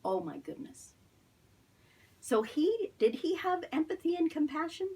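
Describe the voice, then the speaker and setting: A woman's voice: sits high, very animated, measured pace, darkish tone, distant mic. A middle-aged woman teaching a children's Sunday school lesson online. She tells a Bible story expressively and keeps asking the children questions.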